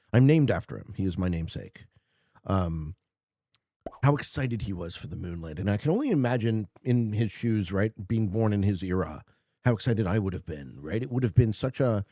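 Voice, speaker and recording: A man streaming a strategy board game, chatting casually with viewers and swinging from low murmurs to loud shouts. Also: no room sound, clean studio sound. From Canada.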